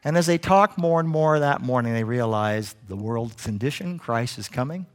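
A man preaching a sermon, telling a story in an animated way. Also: medium pitch, moderate pace, clear, resonant tone. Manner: animated storyteller doing voices.

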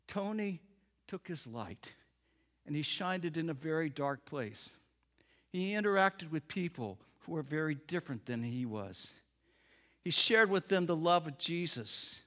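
A man preaching, telling a story with lively acted-out voices. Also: on the high side, measured pace. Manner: animated, acts out voices in the story. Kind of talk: sermon storytelling.

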